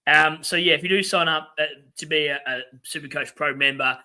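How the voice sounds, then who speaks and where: A man's voice: a little high, fairly quick, pushed and bright. A young Australian man hosting a fantasy football livestream, ranting and swearing in a casual chat with asides to his viewers. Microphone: webcam setup.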